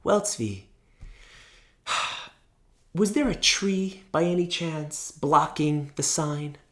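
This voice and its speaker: A man doing a soft-spoken, probing woman judge. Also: a little high. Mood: coaxing. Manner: quiet, drawn-out, coaxing questions.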